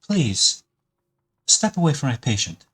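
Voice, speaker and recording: A man's voice: medium pitch, sing-song, measured pace, a bit bright, slightly rough, pitched above the performer's own voice, exaggerated voice. A man voicing a worried young village boy who stammers and pleads. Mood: anxious.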